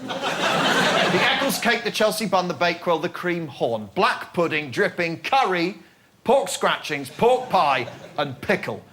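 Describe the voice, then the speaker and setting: A man, team captain on a comedy panel show, giving a mock-pompous argument speech to a live audience and building to loud outbursts. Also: sits high, big pitch swings, a little slow. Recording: stage mic, loud audience laughter and noise.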